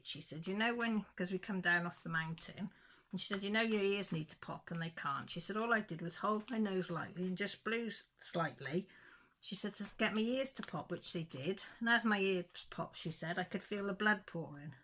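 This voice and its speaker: A woman's voice: fairly low pitch, moderate pace, slight background noise. Chatty woman telling a story. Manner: rambling, animated retelling with quoted dialogue. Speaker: crafting channel host.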